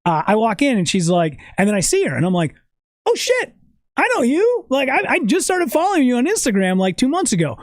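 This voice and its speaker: A man telling a story in a casual podcast chat, animated and swearing often. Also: sits high, quick pace, hardly any pauses, dry recording. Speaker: podcast guest.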